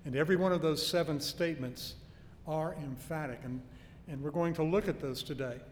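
A man preaching an expository sermon, teaching earnestly with emphatic stresses and homely anecdotes. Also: fairly quick. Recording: long hall reverb with faint low rumble.

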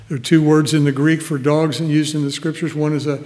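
Man, sermon, verse-by-verse teaching, fairly high voice, reverberant hall. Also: level tone, fairly quick, hardly any pauses, a little mellow. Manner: expository preaching, reads verses aloud, chuckles often. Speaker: preacher.

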